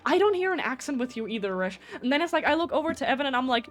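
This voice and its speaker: German-accented woman streamer, slightly high. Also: lively intonation, quick pace, soft background music. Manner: rambling, swears often. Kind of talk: casual live gameplay chat.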